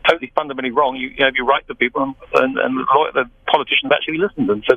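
A man from the UK calling a radio phone-in, telling an animated, indignant story about being overcharged. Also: medium pitch, rapid-fire, narrow, tinny audio. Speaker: caller.

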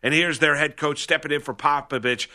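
A man co-hosting a sports radio show, breaking down a game in a measured, upbeat way with dry asides. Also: fairly high pitch, steady tone, pushed and bright. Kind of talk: sports radio talk and live reads.

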